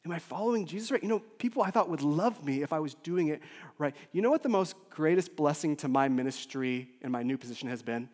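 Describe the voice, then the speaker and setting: A man, a lead pastor, preaching a sermon with emotional swings from loud urgency to soft near-whispers. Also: fairly high pitch, brisk. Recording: long hall reverb.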